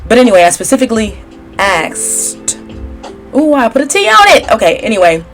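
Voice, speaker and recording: A woman's voice: fairly high pitch, big pitch swings, brisk, soft background music. A woman giving a casual, sassy gossip recap as a tarot reader, chatty and opinionated. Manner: chatty and sassy, mimics cast members in a raised voice.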